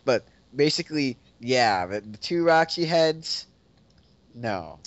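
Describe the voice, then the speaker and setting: A man's voice: mid-range voice, lively intonation, slow pace, no room sound. A man co-hosting a casual podcast who talks hesitantly, restarting his sentences and saying "like" often. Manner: hesitant, restarts a lot and leans on "like". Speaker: podcast co-host. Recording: dull lo-fi audio.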